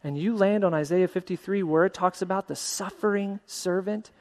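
High-voiced pastor preaching in a reverberant hall. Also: male voice, moderate pace. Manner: animated, acts out voices of story characters. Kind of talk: sermon.

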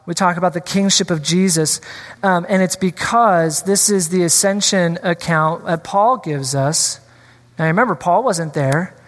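Animated preacher in a reverberant church. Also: male voice, high-pitched. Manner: animated, acts out scripture scenes in voices. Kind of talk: sermon. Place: church sanctuary. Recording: long hall reverb.

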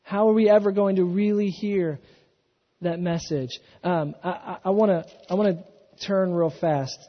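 Speaking at a moderate pace in a high-pitched voice with fairly even intonation, a man delivers a sermon off his notes. He restarts phrases and grows more emphatic in an unscripted way, his words captured in a dull, reverberant church hall.

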